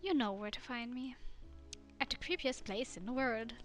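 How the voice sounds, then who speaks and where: A woman's voice: a little high, moderate pace, faint music behind, lightly acted. A woman voicing a smug, cocky young man in a game, with dry teasing lines.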